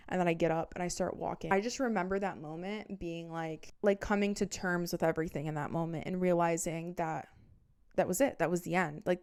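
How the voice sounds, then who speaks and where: Girl in her 20s, lowish smooth gravelly voice, swearing a lot, storytime podcast. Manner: profane, animated storytelling, acting out both sides of arguments. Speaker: podcast host. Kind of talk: casual storytime monologue.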